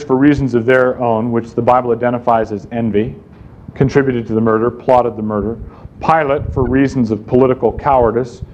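In a darkish, mid-range voice, a man preaches emphatically, posing rhetorical questions and answering them himself. The recording is slightly dull, with faint room noise.

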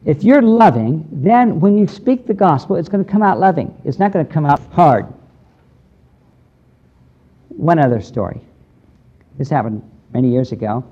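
A man's voice: mid-range voice, dark tone. Older man preaching on a dull recording. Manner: earnest, plain-spoken, rises into emphatic preaching. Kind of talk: sermon with a storytelling tone.

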